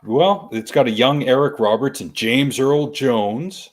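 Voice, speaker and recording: A man from Canada with an ordinary mid-range voice, chatting casually on a podcast. He speaks in a relaxed, matter-of-fact way. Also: medium pitch, measured pace. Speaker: podcast co-host. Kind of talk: casual chat.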